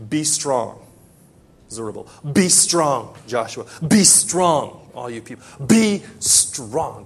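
A middle-aged male pastor preaching a sermon, emphatic and animated, often repeating his phrases. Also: mid-range voice, slightly rough.

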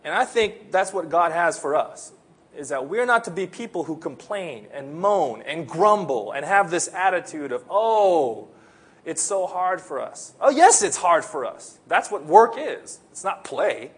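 A man's voice: a little high, sing-song, normal speed, fairly bright tone, breathy edge. A man from the Philippines, preaching a sermon in an earnest, conversational way. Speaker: pastor.

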